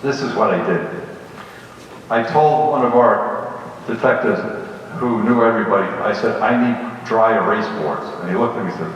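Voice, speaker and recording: A man from the Bronx with a New York accent, a police officer telling students his story in a blunt, animated way. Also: on the low side, normal speed, slight background noise. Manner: blunt, animated retelling with acted quotes. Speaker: retired police lieutenant speaking to students. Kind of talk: storytelling talk. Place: large school hall. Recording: echoey hall, from far off, dull.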